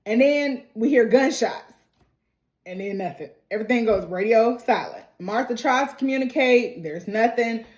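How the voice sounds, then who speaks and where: A woman's voice: fairly high pitch, lively intonation, moderate pace, darkish tone. A woman giving a casual, slangy recap of a TV episode, retelling the scenes and quoting the characters' lines. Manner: chatty, slangy, retells scenes with quoted dialogue. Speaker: TV recap vlogger. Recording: roomy echo.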